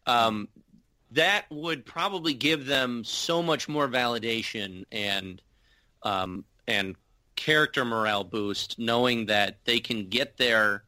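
A man talking hockey on a podcast in an easygoing, rambling way, full of restarts and filler words. His voice is bright and forward. The recording is dry and close. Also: mid-range voice, takes it slowly, no room sound. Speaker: podcast co-host. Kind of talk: casual sports chat.

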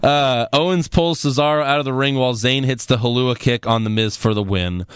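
A man hosting a casual chat, recapping events in an animated, rambling way and swearing freely. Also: medium pitch, brisk, smooth, dry recording, clean studio sound. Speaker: podcast host recapping wrestling.

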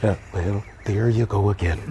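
Guy doing an old president impression, low folksy drawl, keeps restarting. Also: steady tone, mellow, slight background noise, lightly acted. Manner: halting, repeated "well" openers.

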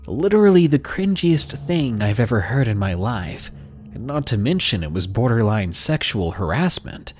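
A man's voice: mid-range voice, sing-song, moderate pace, faint music behind. Man narrating with sardonic dryness. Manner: dry, sardonic storytelling. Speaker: story narrator. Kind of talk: scripted narration of a reader's story.

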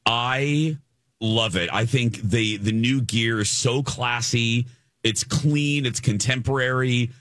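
A man's voice: medium pitch, takes it slowly, fairly bright tone, no room sound, clean studio sound. A man from the Chicago area co-hosting a radio show, chatting with enthusiasm and often restarting his sentences. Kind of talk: casual chat.

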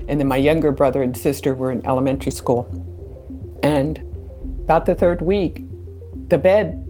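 A middle-aged woman recounting childhood memories in an interview, unhurried and full of pauses. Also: low-pitched, dark tone. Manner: slow, unhurried storytelling with pauses. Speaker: interview guest. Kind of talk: storytelling in an interview.

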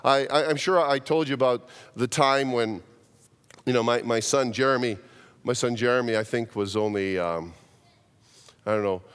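A man's voice: medium pitch, moderate pace, fairly bright tone, smooth. A man, a pastor telling a story in a sermon, repeating words, stopping to restart, and acting out the voices he quotes. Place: church sanctuary. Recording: long reverb of a church hall.

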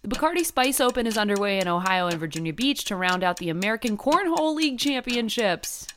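A woman co-hosting a sports podcast, chatting casually and reading headlines with animated emphasis. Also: mid-range voice, fast talker, slight background noise. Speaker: podcast co-host.

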